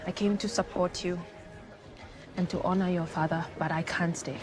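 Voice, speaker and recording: An actress playing a conflicted, sad woman, speaking slowly and deliberately. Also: lowish voice, steady tone, natural voice. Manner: slow, deliberate, measured delivery. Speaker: film character. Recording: echoey film audio under loud music.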